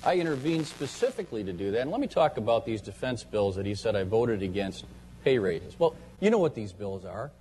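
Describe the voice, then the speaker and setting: A man's voice: lowish voice, big pitch swings, fairly quick, warm tone, a little hiss or hum. A man rebutting a charge in a debate, firm and insistent. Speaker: politician in debate.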